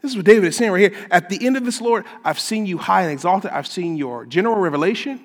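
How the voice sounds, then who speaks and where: A man's voice: high voice, lively intonation, a little fast. Preacher guy giving a sermon, punchy and emphatic, big echoey church sound. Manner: emphatic preaching, rising to loud climaxes. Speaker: pastor. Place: church sanctuary. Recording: long hall reverb.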